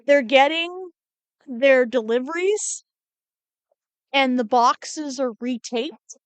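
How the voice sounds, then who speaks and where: Slow-talking woman podcast co-host. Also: on the high side, clean tone, no echo. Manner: relaxed, chatty, lots of "like" and "mm-hmm". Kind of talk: casual chat.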